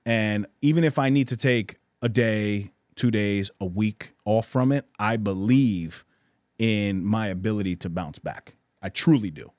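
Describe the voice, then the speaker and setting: A man's voice: lowish voice, unhurried, darkish tone, no echo, studio quality. A man in casual podcast conversation, talking in an earnest, reflective way with frequent restarts and self-corrections.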